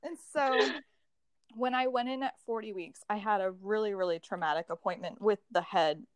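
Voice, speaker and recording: Expressive woman telling a personal story. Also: mid-range voice, normal speed, dry recording. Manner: expressive, laughs often, acts out quoted dialogue. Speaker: podcast guest.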